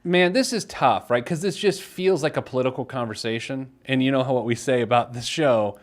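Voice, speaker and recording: A man's voice: mid-range voice, brisk. A man in his thirties hosting a casual financial advice radio show, self-deprecating, reading listener letters aloud.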